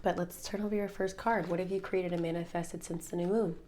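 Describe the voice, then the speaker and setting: Tarot reader, woman, casual and rambling, slightly low voice, talks to viewers from home. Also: steady tone, a little fast, dark tone, slight background noise. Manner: chatty, rambling, calls viewers babe and baby. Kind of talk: casual tarot reading to camera. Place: her room at home.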